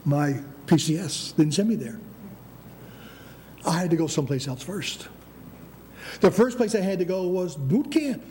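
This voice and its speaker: Older man, American, preacher, sermon, high mellow voice, emphatic restarts, faint rumbly noise. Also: animated, a little slow, pauses often. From United States. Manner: emphatic preaching with many restarts, calls of "Amen?".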